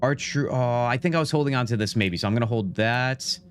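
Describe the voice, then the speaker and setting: A young man giving excitable, chatty live commentary while playing a game, often talking to his chat and saying "dude". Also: medium pitch, brisk, a little hiss or hum. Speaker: streamer.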